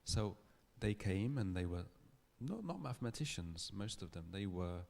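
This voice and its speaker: Low gravelly man giving a lecture. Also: big pitch swings, a little mellow. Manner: thoughtful, measured storytelling with restarts. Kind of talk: public lecture. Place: lecture hall.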